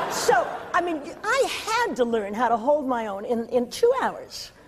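A woman being interviewed, telling a lively anecdote, often laughing and acting out the voices she quotes. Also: on the high side, slow, very noisy. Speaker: interview guest. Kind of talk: storytelling anecdote.

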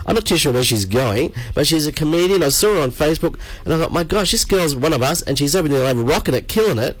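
A man hosting a late-night radio show, hoarse and croaky, chatting and teasing his guest. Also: on the high side, animated, quick pace, low-quality recording. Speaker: radio host.

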